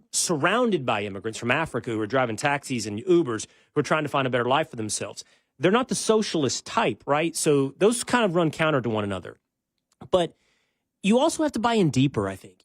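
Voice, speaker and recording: Male host, lively and emphatic, fairly high voice, dry studio sound. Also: no echo. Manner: conversational, emphatic, argues with rhetorical questions. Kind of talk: political talk show conversation.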